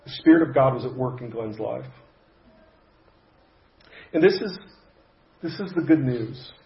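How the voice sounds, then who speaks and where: A man pastor telling a personal story in a sermon, conversational and halting, with frequent restarts. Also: medium pitch, animated, creaky, roomy sound, lo-fi sound. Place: church sanctuary.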